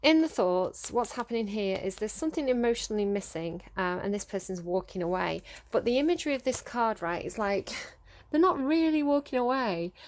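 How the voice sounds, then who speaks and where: A woman's voice: medium pitch, lively intonation, fairly quick. A woman giving a casual tarot reading straight to her viewers, earnest and coaxing, laughing often between points. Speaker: tarot reader.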